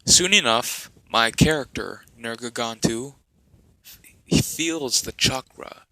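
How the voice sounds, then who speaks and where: A man's voice: mid-range voice, slow pace, sharp tone, no room sound, rough recording. A man narrating an improvised fan story in a rambling way, with many fillers and restarts.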